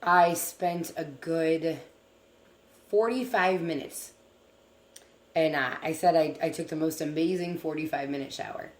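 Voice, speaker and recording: A woman's voice: low voice, unhurried, echoey room. A woman co-hosting a talk show, talking earnestly and at length about something personal. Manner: earnest, rambling, animated.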